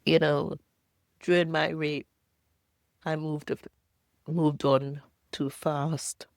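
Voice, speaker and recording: Slow, halting older woman sharing testimony. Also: sits low, level tone, vocal fry, no echo, clean studio sound. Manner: halting, emotional, pausing often. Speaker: survivor telling her life story. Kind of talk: personal testimony.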